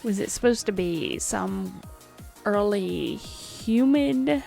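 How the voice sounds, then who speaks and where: A woman's voice: medium pitch, expressive, slow, creaky, mellow, soft background music. A woman hosting a livestream, chatting casually and wryly with her viewers about an old film. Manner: chatty, wry, talks back to chat. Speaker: livestream host. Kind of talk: casual chat while watching a film.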